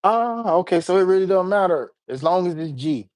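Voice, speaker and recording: A relaxed American man with an American accent, hosting a livestream. He talks loosely and slangily, rambling from one thought to the next in an easygoing, conversational way. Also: high-pitched, a little fast, few pauses. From United States. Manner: laid-back, slangy, rambling. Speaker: livestream host. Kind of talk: casual livestream chat.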